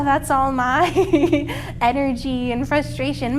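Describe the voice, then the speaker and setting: A young woman leading preschoolers through yoga and calming exercises, speaking in a gentle, encouraging way. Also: high voice, noisy background. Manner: slow, soothing, encouraging. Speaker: children's librarian leading yoga.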